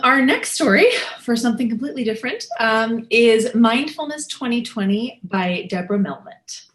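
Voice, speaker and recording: Woman hosting a reading night, eager and kinda halting, roomy echo. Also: medium pitch, a bit bright. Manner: enthusiastic, halting, with fillers and laughs. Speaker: event host. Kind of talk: live event hosting. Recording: echoey room.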